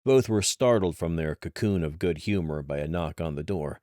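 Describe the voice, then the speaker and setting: A man narrating an audiobook with steady, even storytelling. His voice is very low. The recording is close and dry. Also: normal speed, no echo. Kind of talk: scripted narration.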